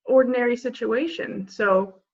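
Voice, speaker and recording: A woman's voice: fairly high pitch, unhurried, darkish tone, lo-fi sound. A woman in a casual group discussion who answers hesitantly, thinking aloud with fillers.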